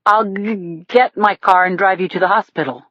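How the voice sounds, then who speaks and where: A woman's voice: mid-range voice, normal speed, dry recording, lo-fi sound, lightly acted. A woman voicing a nervous young male lawyer who stutters and apologizes, in an audiobook. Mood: apologetic.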